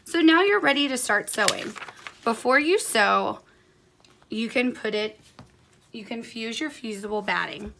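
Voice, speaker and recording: A woman's voice: medium pitch, creaky, a bit bright. A woman giving a hands-on quilting tutorial, chatty and encouraging as she talks through each step while working. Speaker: quilting instructor.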